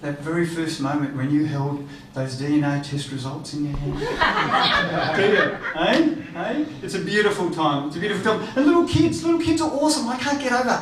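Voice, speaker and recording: A man's voice: a little high, moderate pace, noisy background. A middle-aged man doing a stand-up comedy set, chatty and teasing the crowd. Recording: echoey room, distant from the mic.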